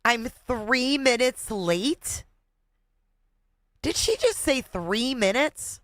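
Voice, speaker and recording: A woman's voice: fairly high pitch, lively intonation, very slow, a bit bright, no room sound. Incredulous foul-mouthed woman streamer. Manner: blunt, swears a lot, incredulous. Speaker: reaction livestream host. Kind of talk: casual reaction commentary, reading chat.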